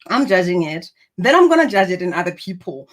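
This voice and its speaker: Speaking to camera, a woman gives an earnest, encouraging motivational talk reflecting on personality and purpose. She's a personal growth speaker with a fairly low, very animated, brisk voice.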